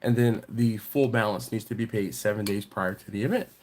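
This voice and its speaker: A man's voice: lowish voice, a little fast, darkish tone, slight background noise. A middle-aged man with a congested voice, hosting a barbecue channel's live stream in a casual, rambling way with many fillers and restarts.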